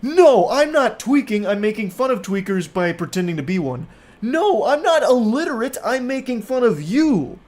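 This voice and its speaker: A man voicing an enraged, barely literate forty-year-old man who rants in a shrill, indignant way. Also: very animated, moderate pace, a little mellow. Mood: smug.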